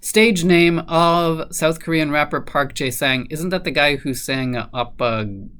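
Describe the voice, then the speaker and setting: A man's voice: on the high side, slow pace, a bit bright, clear, resonant tone. A man solving a crossword aloud in a casual, hesitant think-aloud manner, then reviewing the grid. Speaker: crossword solver.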